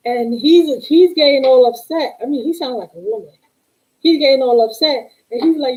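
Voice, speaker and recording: A woman hosting a casual live stream, telling a story in a sassy, animated way and quoting the other side of the exchange. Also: high voice, normal speed, rough recording. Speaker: tarot reader and live-stream host.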